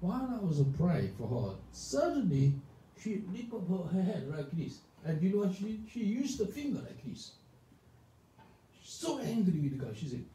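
A male pastor preaching a sermon, emphatic and animated, often asking the congregation whether they understand. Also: sits high, normal speed. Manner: animated, emphatic, calls for responses. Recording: echoey room from far off, faint noise.

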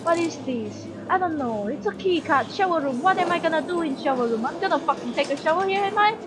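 Panicky high-voiced woman gamer. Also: expressive, fast, very noisy. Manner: panicky, swearing, shrieking and laughing nervously. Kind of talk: horror game commentary. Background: game music.

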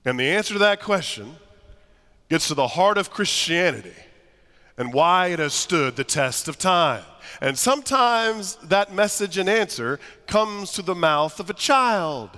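Bright, high-voiced pastor preaching. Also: male voice, unhurried. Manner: animated, humorous storytelling to a congregation. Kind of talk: sermon. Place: church sanctuary. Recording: long church reverb.

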